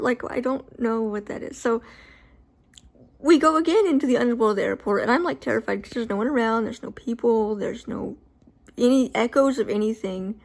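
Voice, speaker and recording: A woman telling a personal story to camera in a casual, animated way. She leans on fillers like "like" and acts out her own reactions. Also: a little high, fairly quick.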